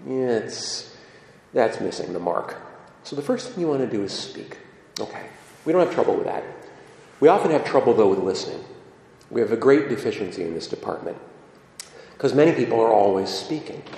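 Animated preacher man in an echoing hall. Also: mid-range voice. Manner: animated, asks the listeners questions. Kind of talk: sermon. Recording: echoey hall reverb.

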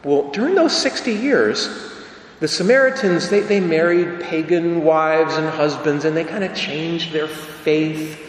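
A man's voice: fairly high pitch, a little slow. A man giving an emphatic sermon, asking rhetorical questions and repeating key phrases. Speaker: preacher. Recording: echoey church from a distance.

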